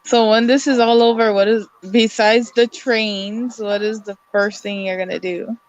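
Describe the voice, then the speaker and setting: A woman's voice: a little high, fairly even intonation, moderate pace, lo-fi sound. A woman hosting a casual chat on a video call, asking questions. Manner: chatty, asks questions. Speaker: host.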